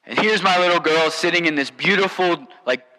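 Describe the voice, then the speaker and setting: A man's voice: a little high, fairly quick, bright, forceful tone, in a large hall, poor audio. A man, a pastor, telling a story in a sermon in a conversational way, with many fillers and restarts.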